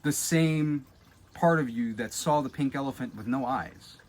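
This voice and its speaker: A man giving a casual spoken teaching, guiding the listener through an exercise and often dropping to a soft, low voice. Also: a little slow. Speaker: spiritual teacher.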